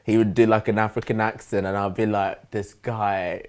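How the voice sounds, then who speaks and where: A man's voice: lowish voice, little pitch movement, a little fast, darkish tone, clean tone. A man hosting a podcast, easygoing and agreeable, with plenty of "yeah" and "um". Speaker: podcast host. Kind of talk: casual chat.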